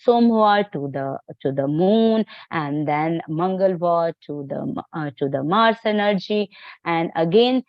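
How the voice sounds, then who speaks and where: A woman teaching a live astrology class, talking in halting phrases full of fillers and restarts. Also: lowish voice, dry recording, dull audio. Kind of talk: live online class lecture.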